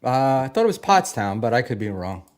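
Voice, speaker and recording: A man in casual podcast chat, dropping dry, deadpan jabs. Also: medium pitch, brisk.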